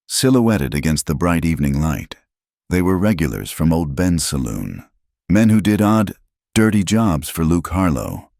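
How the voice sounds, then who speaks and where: A man's voice: a bass voice, gravelly, darkish tone, no room sound, studio quality. A man narrating a frontier story in a dramatic, emphatic scripted style.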